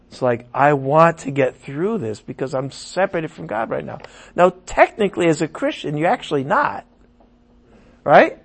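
A man preaching a sermon, animated, swinging from loud emphasis to muttered asides. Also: on the high side.

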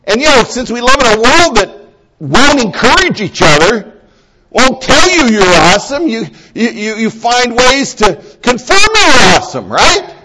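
A middle-aged man preaching a sermon as pastor, swinging between hushed, slow prayer and loud, high, excited exhortation. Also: background noise.

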